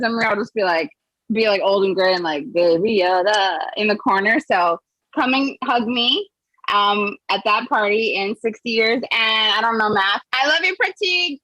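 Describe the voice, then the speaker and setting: Bright high-voiced woman comic. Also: no echo, rough recording. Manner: chatty, giggly, self-deprecating asides. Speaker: comedian. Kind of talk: comedic song parody over video call.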